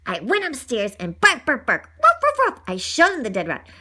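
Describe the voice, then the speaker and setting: A woman reading a storybook aloud in an animated, breathless way, narrating in the first person as a dog. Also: high voice, moderate pace.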